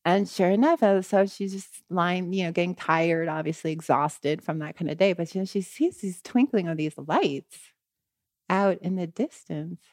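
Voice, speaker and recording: A woman with a lowish, grounded voice tells a story casually and with feeling, peppering it with "you know" and "right?". The sound is close and dry, with no room around it. She lifts her voice when she gets caught up in the telling. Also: moderate pace, no echo. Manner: animated retelling, frequent "you know" and "right?"; gets louder and higher when she quotes the people in the story.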